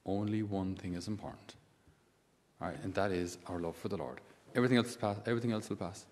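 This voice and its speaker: A man's voice: low-pitched, brisk, a little mellow, big-room sound. A man, a priest giving a conversational sermon full of asides and rhetorical questions.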